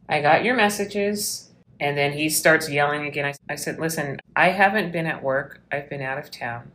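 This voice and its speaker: A woman's voice: low voice, a bit bright. A woman police officer telling a story from her work in an interview, acting out the quoted lines.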